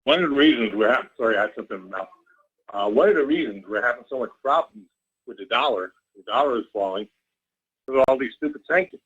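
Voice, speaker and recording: A man phoning in to a talk radio show to rant bluntly about politics. His voice is husky and agitated. The line sounds dull and muffled, as phone calls do. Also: mid-range voice, expressive, quick pace, fairly bright tone. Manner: blunt, agitated, repeats "all right?". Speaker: caller.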